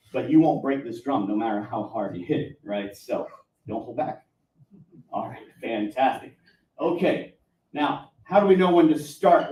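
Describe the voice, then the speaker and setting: A man's voice: on the high side, a little mellow. A man teaching taiko drumming to a live audience, upbeat and encouraging, cracking self-deprecating jokes as he talks them through it. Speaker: taiko instructor. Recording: echoey room from far off, faint music.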